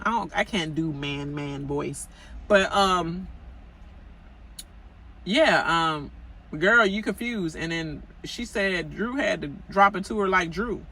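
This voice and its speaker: A woman's voice: fairly low pitch, slow pace, sharp tone, poor audio. A woman vlogger recapping a reality show in a casual, gossipy rant, full of fillers and asides aimed at the cast. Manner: gossipy and chatty, many fillers, talks straight to cast members.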